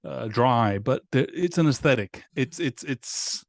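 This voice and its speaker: A man in casual podcast talk, stumbling over his words with lots of restarts and fillers and breaking into laughs along the way. His voice sits at an everyday middle pitch. The sound is close and dry, with no room around it. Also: lively intonation, vocal fry, no room sound. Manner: halting, many restarts and fillers, laughs often. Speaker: podcast guest. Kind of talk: casual conversation.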